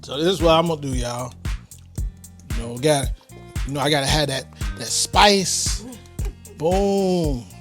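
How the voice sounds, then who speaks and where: Excited man cooking outdoors. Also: on the high side, a little slow, long pauses, over music. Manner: excited, chatty, addresses viewers as y'all. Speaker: home barbecue cook. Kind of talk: casual cooking vlog. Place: outdoors by a smoker in winter.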